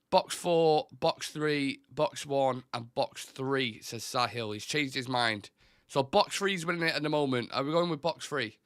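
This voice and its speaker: A man's voice: medium pitch, bright, forceful tone, no room sound, studio quality. A man hosting a live football fan stream, chatting casually and reading out comments from the chat. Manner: chatty, reads out chat comments, restarts and fillers.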